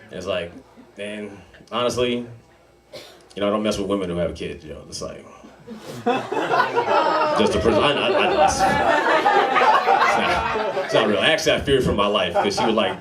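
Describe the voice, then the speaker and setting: A man in his thirties doing a stand-up comedy set in a club, with a laid-back, slangy delivery and deadpan dark jokes. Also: fairly low pitch, moderate pace, long pauses, some chatter behind. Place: comedy club with a live audience. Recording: heavy noise behind a live club set.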